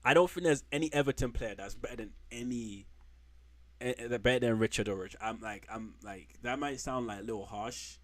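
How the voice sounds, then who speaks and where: A man's voice: medium pitch, fairly quick. A man streaming from home, rambling frankly through football players with slang and blunt put-downs. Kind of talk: casual live-stream commentary.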